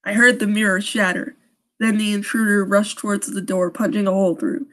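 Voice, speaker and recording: A woman's voice: mid-range voice, fairly even intonation, fairly quick, fairly bright tone. Giggly young woman reading a creepy story. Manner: giggly and sarcastic, often breaking off to laugh. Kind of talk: live-stream story reading with joking asides.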